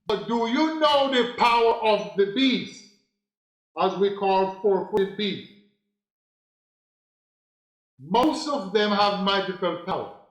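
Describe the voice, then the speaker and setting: Man preaching real slow with a very high voice, echoey room. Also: expressive. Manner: slow, preachy, repeats phrases for emphasis. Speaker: spiritual teacher. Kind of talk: preaching monologue.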